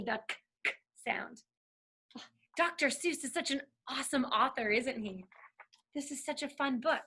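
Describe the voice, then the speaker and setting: A woman's voice: on the high side, a little slow, sharp tone, husky. A woman reading a children's alphabet book aloud, sounding out letters in a playful, sing-song teacher's manner.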